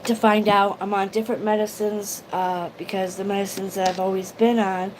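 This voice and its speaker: A woman's voice: mid-range voice, level tone, moderate pace, darkish tone, slight background noise, rough recording. A woman vlogger chatting casually on a livestream, rambling emotionally and greeting viewers by name. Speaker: YouTube vlogger.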